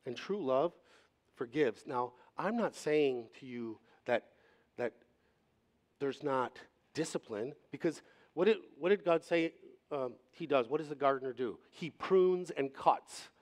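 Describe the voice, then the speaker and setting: A man's voice: mid-range voice, expressive, measured pace. A male pastor giving a sermon in a conversational manner, acting out quoted voices as he speaks.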